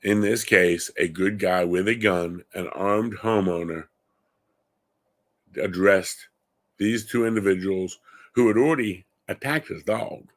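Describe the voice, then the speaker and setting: Indignant lower-voiced New man. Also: unhurried. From Long Island, New York. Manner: indignant, rising to heated emphasis. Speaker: gun show host. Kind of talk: opinionated commentary.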